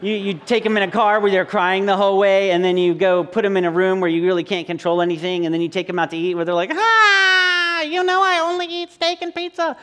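A man's voice: high-pitched, flat delivery, fast talker, few pauses, clean tone. A man in his thirties, a pastor giving a conversational sermon with joking stories and frequent restarts.

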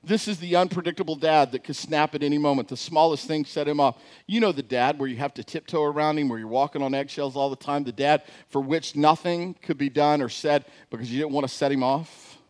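Man, pastor, sermon delivery, lively storyteller, goes soft and low when serious. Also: fairly quick. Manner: animated storyteller, climbs loud and high when joking.

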